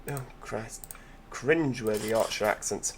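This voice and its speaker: Guy narrating his bus sim drive, excited and chatty, lots of "isn't it?". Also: lowish voice, unhurried, noisy background. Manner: enthusiastic, chatty, full of tag questions; talks to in-game passengers while driving. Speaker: gaming channel host. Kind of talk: gameplay commentary.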